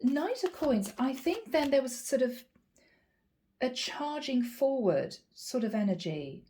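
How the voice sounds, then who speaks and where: With a high, sing-song, mellow voice, this Irish woman chats her way through a channeled tarot reading. She draws words out to stress them.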